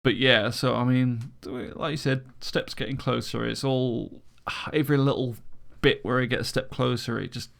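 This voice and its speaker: A man's voice: mid-range voice, steady tone, normal speed, vocal fry, hardly any pauses, a bit bright. A man hosting a gaming podcast, chatting casually and laughing often. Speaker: podcast host.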